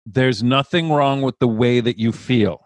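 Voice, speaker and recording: A podcast guest in his forties talks reflectively and openly in a casual conversation, swearing casually. His mid-range voice is unhurried, with no echo.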